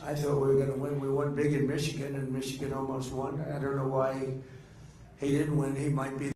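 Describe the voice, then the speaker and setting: An older man speaks off the cuff to a gathering, wandering from story to story, bragging and breaking off mid-thought with frequent uhs. His voice sits at an ordinary pitch. The room is echoey, with a faint hum of background noise. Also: completely flat delivery, a little fast, mellow. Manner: meandering, boastful, trails off mid-sentence with many uhs. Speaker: speaker addressing a political gathering. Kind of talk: rambling off-the-cuff speech.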